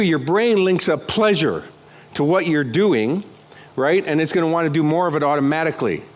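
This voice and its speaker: Man, motivational speaker, live keynote, lively and jokey, slightly high voice. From United States. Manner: energetic, jokey, crude asides, acts out characters. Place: conference stage before a live audience.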